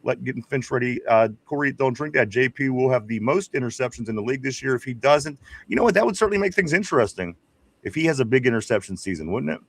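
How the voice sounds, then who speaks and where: A man's voice: mid-range voice, expressive, fast talker, vocal fry, dry recording. A man with a Pittsburgh accent hosting a live sports stream, reading viewer comments aloud in a rambling, casual way. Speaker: podcast host.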